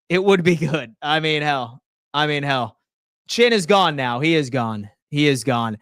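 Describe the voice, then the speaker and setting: Reading viewers' messages on his live sports stream, a young man teases and rants at them rowdily, swearing a lot and shifting between loud bursts and quiet asides. His voice is a little high, clear and resonant, with no echo.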